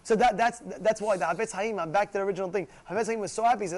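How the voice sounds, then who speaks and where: A man teaching a religious class, animated, often acting out quarrels and asking if listeners follow. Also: sits high, very fast, few pauses. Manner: animated, acts out shouting voices, asks "you know?" often. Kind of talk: Torah class sermon.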